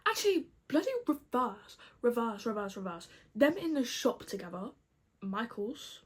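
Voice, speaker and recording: A woman's voice: fairly high pitch, big pitch swings, normal speed, husky. A young woman recapping a TV episode to camera in a gushing, dramatic, chatty way. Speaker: vlogger.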